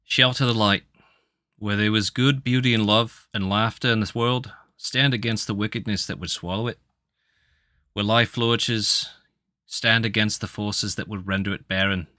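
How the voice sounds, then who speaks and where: A man's voice: lowish voice, steady tone, normal speed, sharp tone, no room sound, clean studio sound. A tired man voicing a male mentor spirit who recites a paladin oath, barely changing his own voice. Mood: solemn. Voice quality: tired, no accent attempted. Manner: solemn, reciting an oath line by line.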